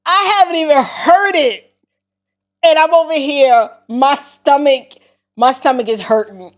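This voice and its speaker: A woman's voice: high-pitched, slow. A woman hosting a casual livestream, laughing hard and breaking up as she talks. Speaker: livestream host.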